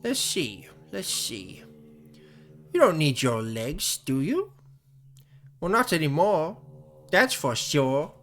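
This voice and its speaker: A man voicing a cruel, gloating male torturer in a horror game, speaking slowly and purring. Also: fairly high pitch, big pitch swings, vocal fry, a bit bright, soft background music, full character voice. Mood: gloating sadistic.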